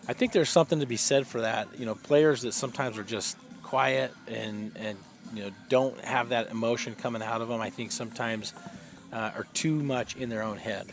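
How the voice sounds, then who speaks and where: A man's voice: mid-range voice, normal speed, soft background music. A man giving live long-drive golf commentary, chatty and explanatory, often using fillers.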